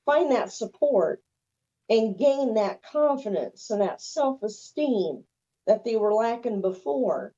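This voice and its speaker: Slow, warm-voiced woman giving advice. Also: on the high side, lively intonation. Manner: emphatic, repeats "you know" often, laughs. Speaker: radio guest. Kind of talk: casual advice chat. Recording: dull lo-fi sound.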